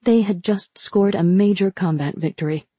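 A woman narrating a novel in a steady, measured reading. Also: medium pitch, slightly rough, no echo. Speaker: audiobook narrator. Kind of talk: scripted narration.

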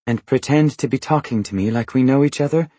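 A man's voice: medium pitch, a little fast, dark tone, no room sound, voice pushed up, lightly acted. A man reading an audiobook, voicing a guarded young woman who asks clipped, probing questions in a slightly raised tone. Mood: wary. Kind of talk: audiobook character voice.

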